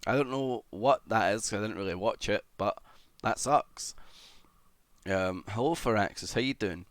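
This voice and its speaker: Man, low voice, casual streamer chat, reading comments, excited shouts, dry close sound. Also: normal speed, no room sound. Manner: chatty, greets viewers, bursts into excited shouts.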